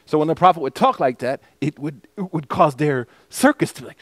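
A man teaching a lesson as imam, his voice sitting a touch high and swinging up and down with animation. He moves back and forth between English explanation and Arabic recitation. The sound is close and dry, with little room echo. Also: expressive, fairly quick. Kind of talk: mosque lesson on a hadith text. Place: mosque classroom.

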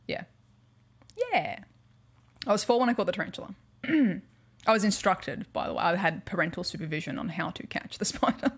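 A woman's voice: lowish voice, animated, moderate pace, long pauses, slightly rough. A young woman with an Australian accent, chatting casually and telling stories during a gaming livestream, laughing often. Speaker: streamer.

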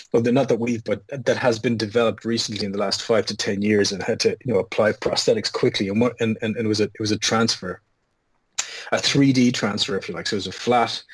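A man, a makeup artist guest on a podcast, telling a long anecdote with many restarts and loud acted-out quotes. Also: fairly low pitch, breathy edge. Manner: rambling, lively anecdote teller with many restarts and sudden shouted quotes. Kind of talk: casual storytelling interview.

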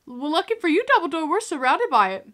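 A woman talks through a film in a high, bright voice. She is animated, exclaiming and joking as she reacts. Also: fast. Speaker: reaction video host. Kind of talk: casual reaction commentary.

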